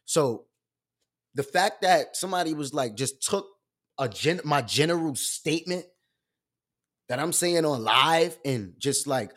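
A man's voice: expressive, a little slow, long pauses. Emphatic man ranting on a live stream. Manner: emphatic, swings between loud bursts and low asides; profane, streetwise slang. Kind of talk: animated rant on a live stream.

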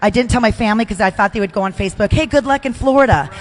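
A woman's voice: fairly high pitch, very fast. An older woman chatting as a podcast guest, emotional and self-deprecating, with frequent restarts. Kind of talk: casual chat.

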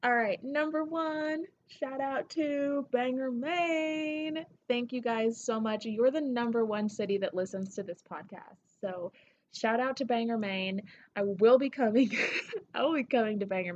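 A woman from Tennessee with a Southern accent, hosting her podcast in an excitable, gushing, casual way that swears freely. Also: medium pitch, brisk, muffled recording. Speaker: podcast host. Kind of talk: casual solo podcast shout-outs.

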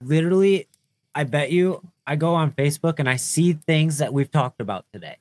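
A man's voice: a little high, animated, normal speed, darkish tone, no room sound. A man co-hosting a casual podcast who speaks earnestly and often corrects himself mid-phrase as he looks for words. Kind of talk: casual livestream chat.

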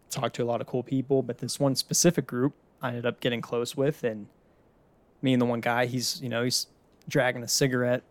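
A young man from the Pittsburgh area, hosting a casual solo podcast, talking in a loose, chatty way with casual swearing. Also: mid-range voice. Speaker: podcast host.

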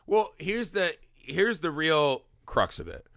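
Animated, profane man reviewing a movie. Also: on the high side, slow, over a noisy crowd. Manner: animated, profane, acts out quoted lines. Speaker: podcast co-host. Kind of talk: casual movie review chat.

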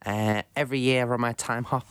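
A man's voice: medium pitch, fairly even intonation, a little fast, fairly bright tone, smooth, dry recording. A man in his twenties, a podcast co-host, chatting in a laid-back, wry way. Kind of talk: casual chat.

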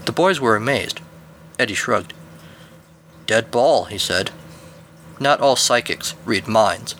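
A man's voice: on the low side, expressive, measured pace, pushed and bright, slight background noise. A man hosting a podcast, reading a scripted spooky story and outro with a dry, wry delivery.

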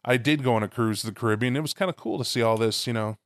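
A man's voice: mid-range voice, racing, no room sound. Guy on a podcast telling stories, swears a lot, totally dry close sound. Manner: animated storyteller, swears casually. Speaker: podcast co-host. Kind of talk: casual chat.

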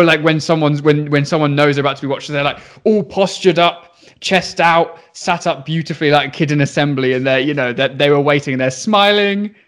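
Young male teacher, slightly higher voice, lively casual storyteller who acts out voices. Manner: animated, swearing, acts out voices. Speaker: primary school teacher.

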